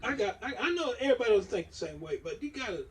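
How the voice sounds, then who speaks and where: A man's voice: very high voice, sing-song, racing, recorded from a distance. A man, a co-host giving his opinion in a casual chat, emphatic and repeating himself.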